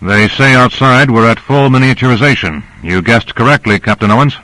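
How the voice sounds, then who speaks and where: A man's voice: mid-range voice, fairly quick, pushed and bright, no room sound, close to an everyday voice, poor audio. A man reading the part of a wry, impatient male agent. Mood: questioning.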